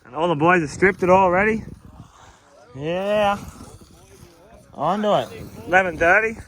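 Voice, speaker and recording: A man's voice: high voice, a little slow, fairly bright tone. A man casually filming and joking with his crew outdoors on a building site, swearing freely. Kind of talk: casual on-site vlog chat. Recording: handheld camera outdoors with noisy background. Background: site machinery and outdoor noise.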